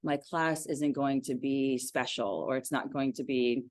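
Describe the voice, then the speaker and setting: A woman in her forties, a yoga teacher, talking about her practice in a casual podcast interview, enthusiastic and quick to laugh. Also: extremely low pitch, steady tone, darkish tone, dry recording, studio quality. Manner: enthusiastic, laughs easily, thoughtful.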